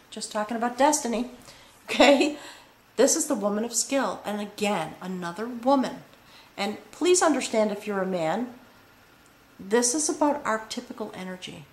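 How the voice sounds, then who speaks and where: A woman giving a spiritual tarot reading, earnest and full of pauses, often checking in with "okay?". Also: a little high, a little mellow, slight background noise. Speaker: tarot reader. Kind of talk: spoken tarot reading to camera. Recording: echoey room with faint ambience.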